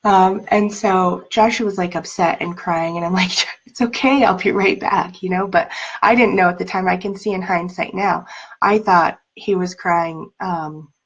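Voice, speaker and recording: A woman's voice: lowish voice, fairly even intonation, normal speed, breathy edge, highs cut off. A woman life coach telling personal stories in a casual teaching talk, chatty and full of "like" and "um", laughing lightly now and then.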